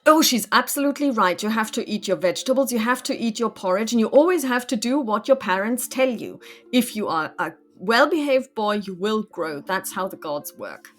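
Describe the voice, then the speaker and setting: A woman's voice: fairly high pitch, animated, normal speed. A woman voicing a kindly, teasing village priestess who lectures in a cheerful, mock-preachy way.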